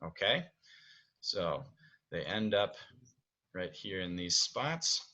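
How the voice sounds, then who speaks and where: A man's voice: deep voice, sing-song, slow pace, sharp tone, rough recording. A man directing actors from home, explaining stage blocking in a chatty way, often checking in with "okay?". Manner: chatty, keeps checking with "okay?", sings music cues. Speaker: theater director.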